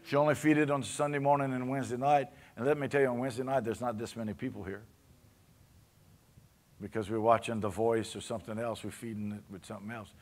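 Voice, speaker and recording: A man's voice: medium pitch, fairly even intonation, quick pace, a little mellow. A man with a Cajun accent preaching a sermon in a conversational way, often asking his congregation for an amen. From Louisiana. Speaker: pastor.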